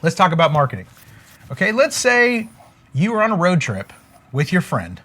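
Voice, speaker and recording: A man's voice: high voice, wildly swooping pitch, normal speed, a bit bright, a little hiss or hum. A man teaching business as a motivational coach, talking emphatically, repeating catchphrases and often checking in with "okay?" while drawing on a board.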